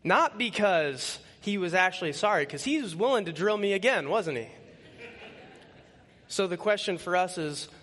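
A man's voice: high voice, lively intonation, moderate pace, fairly bright tone. A man in his thirties, a pastor, preaching a conversational sermon, tossing out rhetorical questions and checking in with "right?". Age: 30s. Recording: long hall reverb.

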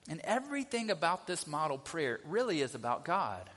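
A man's voice: on the high side, wildly swooping pitch, normal speed, fairly bright tone, husky. A middle-aged male pastor giving a conversational sermon, often asking the congregation questions. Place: church sanctuary. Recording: long reverb of a church hall.

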